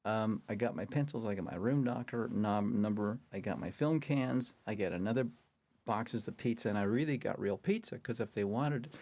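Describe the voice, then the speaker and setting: Fairly low and darkish, this older man's voice holds a moderate pace. Appearing as a podcast guest, he relates a long story in relaxed conversation, with chuckles along the way and a raised voice for the people he quotes.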